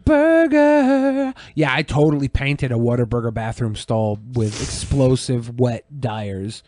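A man's voice: mid-range voice, fairly even intonation, measured pace, darkish tone, no echo. A man rambling through a crude story on a podcast, in casual chat. His voice sits in the middle range. The sound is close and dry. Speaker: podcast co-host. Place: podcast studio.

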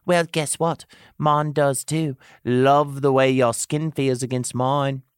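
A man voicing a breathless, eager young male lover in a comedic dramatic reading, breathy and pleading. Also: medium pitch, steady tone, slow, no room sound, studio quality, natural voice. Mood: begging, swooning.

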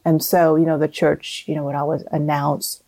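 A woman from Vietnam, a cookbook author guest in a casual interview, explaining things in a relaxed way and laughing often. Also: sits low, normal speed, no room sound.

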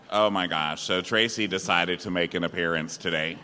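A man's voice: low-pitched, normal speed, pushed and bright, slight background noise. Man telling a story on a live stage. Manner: storytelling, quoting people in jokey voices. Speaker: podcast co-host. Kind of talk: live comedy recap. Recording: live venue with long reverb.

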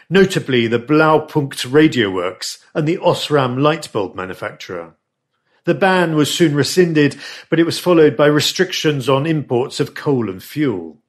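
A man narrating a history podcast in a scripted, storytelling way, stressing dramatic moments. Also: a little high. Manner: storytelling with lively dramatic emphasis.

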